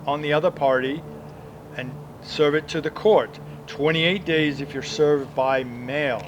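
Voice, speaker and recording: Man, lawyer explaining legal steps, conversational and emphatic with punchy asides, slightly high voice, faint traffic noise behind. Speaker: debt defense lawyer. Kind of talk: explanatory legal advice video.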